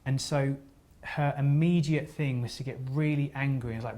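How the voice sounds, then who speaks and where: A man speaks at a weekend seminar, sharing a story in an earnest, unpolished way. He often trips over his words and starts again, and he apologises gently when a point sounds sentimental. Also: medium pitch, fairly even intonation. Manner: earnest, halting, with frequent restarts.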